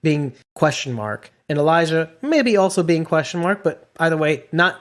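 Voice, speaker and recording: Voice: medium pitch, lively intonation, moderate pace. A podcast co-host in casual chat, joking, laughing often and wandering into rambling asides.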